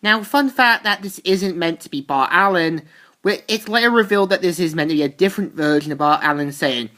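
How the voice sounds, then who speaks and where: A woman's voice: fairly low pitch, fairly quick, a bit bright. A woman reviewing a comic book, recapping the plot casually with asides.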